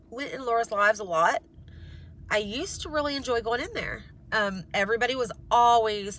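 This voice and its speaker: A woman talks to her viewers in an unscripted vlog rant, frank and exasperated. Her voice is higher than most and bright, though congested from a stuffy nose. She rambles, restarts her sentences and fills the gaps with "um.". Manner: exasperated, pleading. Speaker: vlogger. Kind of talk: casual rant to camera.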